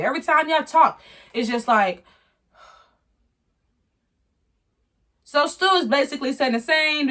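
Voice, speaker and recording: A woman's voice: medium pitch, fairly bright tone. A woman giving a blunt, slangy, opinionated recap of a reality show in casual commentary. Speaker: reality TV reviewer.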